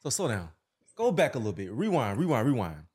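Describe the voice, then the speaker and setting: A man's voice: mid-range voice, huge pitch swings, fast talker, a little mellow, husky. Man pressing a guest with questions. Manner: probing, teasing follow-up questions. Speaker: podcast host. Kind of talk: casual interview.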